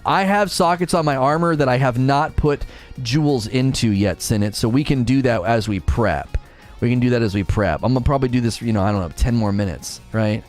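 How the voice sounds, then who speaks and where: A man in casual live-stream chat while gaming, reading viewer comments aloud and answering them, sometimes talking very fast. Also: medium pitch, darkish tone, faint music behind. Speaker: game streamer.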